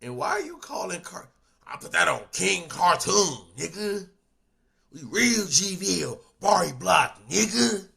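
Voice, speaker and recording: Man mimicking a loud bragging gang member. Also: fairly high pitch, quick pace, gravelly, hardly any pauses, husky, pitched above the performer's own voice, heavily acted. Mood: boasting. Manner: shouting, boastful, repeating himself.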